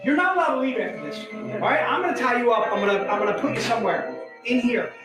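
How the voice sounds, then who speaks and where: A high-voiced man hosts a livestream sale of collectibles with hyped, joking energy. His voice rings out in an echoey room. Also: lively intonation, fast, loud music behind the voice. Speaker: host selling collectibles. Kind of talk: livestream sales pitch.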